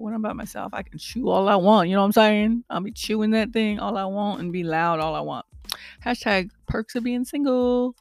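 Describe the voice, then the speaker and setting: A woman vlogger chatting casually to her viewers in a rambling, animated way about her pet peeves. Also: on the low side, gravelly, dry recording. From lives in Texas. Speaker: vlogger and rideshare driver. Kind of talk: casual chat to camera.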